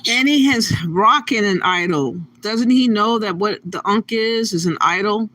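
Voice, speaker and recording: A man's voice: high voice, measured pace, pushed and bright. A man hosting his channel, giving casual reaction commentary in a plain-spoken, conversational way. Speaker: channel host.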